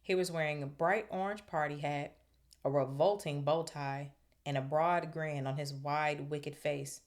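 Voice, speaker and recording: A woman's voice: deep voice, steady tone, a little slow. A woman hosting a book club podcast, reading a novel aloud and breaking off for chatty, slangy asides. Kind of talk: book reading with casual commentary.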